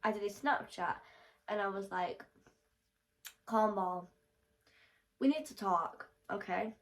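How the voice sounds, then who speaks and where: A young woman telling a storytime vlog, animated and swearing freely as she acts out the quotes. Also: mid-range voice, normal speed, low-quality recording.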